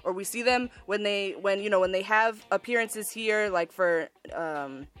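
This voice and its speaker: A woman's voice: mid-range voice, moderate pace, a bit bright, smooth, faint music behind. A woman from the United States hosting a podcast in casual chat, heated and ranting, saying "like" a lot. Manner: heated, ranting, frequent "like" and "freaking". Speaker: podcast host.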